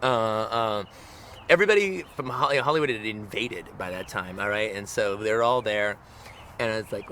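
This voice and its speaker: A man telling an animated, profane anecdote in an interview, often checking in with "all right?". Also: fairly low pitch, normal speed, a little hiss or hum.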